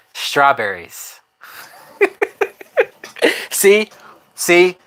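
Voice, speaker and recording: A woman's voice: deep voice, a bit bright. A woman hosting a live movie watch-along, talking bluntly with frequent swearing and laughter. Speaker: movie reaction host.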